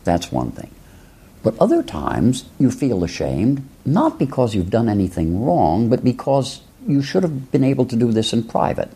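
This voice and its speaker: A man's voice: medium pitch, huge pitch swings, moderate pace, gravelly, warm tone, slightly rough. A man from rural Illinois, a philosophy professor, musing aloud in a reflective lecture-style talk full of rhetorical questions and asides. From rural Illinois, USA.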